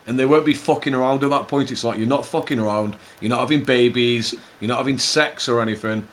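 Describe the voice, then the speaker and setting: A man's voice: mid-range voice, fast talker, slight background noise. A man in a casual chat, ranting and swearing freely.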